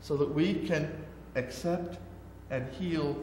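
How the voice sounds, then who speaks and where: A male pastor preaching a sermon, drawing out his words and swinging between loud and soft. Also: on the high side, slow pace, a little hiss or hum. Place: church sanctuary. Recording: echoey church sanctuary with long reverb.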